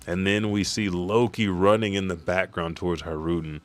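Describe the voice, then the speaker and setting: A man hosting a casual comic-chapter recap, narrating the action in a loose, profane, energetic play-by-play. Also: deep voice, normal speed, no echo, faint music behind. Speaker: YouTube manga recap host.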